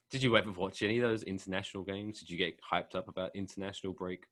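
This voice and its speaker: English guy with a low voice, laid back, jokey podcast chat, swears a bit. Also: fairly even intonation, fast, a bit bright. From England. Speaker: podcast co-host. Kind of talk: casual chat.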